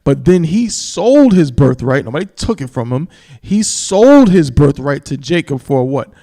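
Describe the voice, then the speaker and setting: Guy preaching on a livestream, kinda high voice, keeps asking if you understand, drags out the big words. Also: big pitch swings, dark tone. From New York. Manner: emphatic, repeats "you understand?", stretches key words slowly; reads scripture in a slow, solemn cadence. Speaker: live-stream Bible teacher. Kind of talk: preaching Bible commentary on a live stream.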